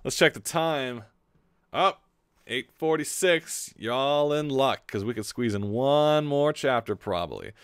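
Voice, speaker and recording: A man's voice: mid-range voice, animated, slow pace, clear, resonant tone, no room sound, studio quality. A man hosting a live read-aloud stream, chatting casually and rambling in jokey asides between panels. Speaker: host reading comics aloud on a livestream.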